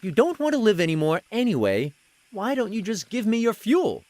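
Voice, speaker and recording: A cheeky young sorcerer for a video game, always sarcastic and wisecracking. His voice sits high and bounces about. The studio sound is close and dry. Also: big pitch swings, normal speed, darkish tone, no echo. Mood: sardonic.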